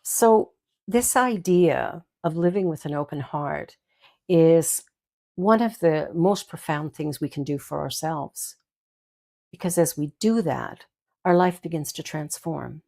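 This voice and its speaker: Older female minister-host, low-pitched, storytelling with laughs and asides. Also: takes it slowly, vocal fry. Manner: warm storytelling with giggles and asides. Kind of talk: inspirational talk.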